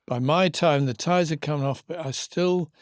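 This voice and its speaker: A man's voice: on the high side, normal speed, dry recording, clean studio sound. An older man, co-hosting a casual podcast chat and laughing often. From England. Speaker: podcast co-host.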